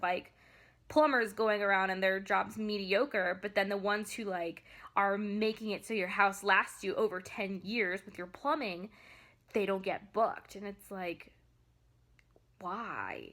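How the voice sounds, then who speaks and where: A young woman rants to her camera, her voice bright and a little tense. She vents with plenty of ums and restarts, frustrated and close to tears. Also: a little high. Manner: frustrated, emphatic venting with many fillers. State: upset, near tears. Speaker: vlogger and photographer. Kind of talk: ranting vlog to camera.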